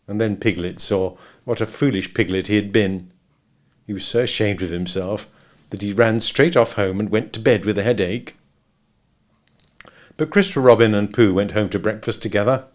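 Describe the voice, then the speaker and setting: A man reading a children's storybook aloud in a lively, expressive way. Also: on the low side.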